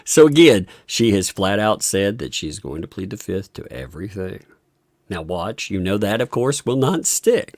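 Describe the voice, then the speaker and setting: A woman's voice: very deep voice, a little mellow, slightly rough, dry recording, studio quality. A woman giving casual live reaction commentary on a court video, often breaking into fits of laughter. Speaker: livestream commentator.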